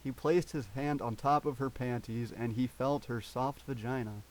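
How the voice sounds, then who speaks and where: A man doing a comic read-aloud of a story in a deadpan voice, now and then cracking up. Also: medium pitch, moderate pace, low-quality recording. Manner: deadpan reading, breaking into laughter. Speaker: reader of fan fiction.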